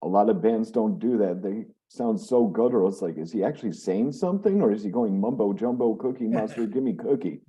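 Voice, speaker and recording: A man's voice: lowish voice, animated, fairly quick, few pauses, dark tone. A man hosting a webzine interview in a casual, joking, teasing way. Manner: laid-back, joking, teasing. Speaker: webzine host.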